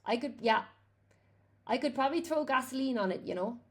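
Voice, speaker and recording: Chatty Irish woman, gravelly edge. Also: sits high, lively intonation, a little fast. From Ireland. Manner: chatty, reads and answers viewer comments. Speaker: English teacher. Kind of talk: live stream chat with viewers.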